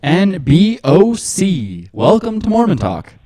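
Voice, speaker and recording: A man co-hosting a call-in show, halting and hesitant, with lots of fillers. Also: high voice, huge pitch swings, warm tone, a little hiss or hum. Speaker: co-host.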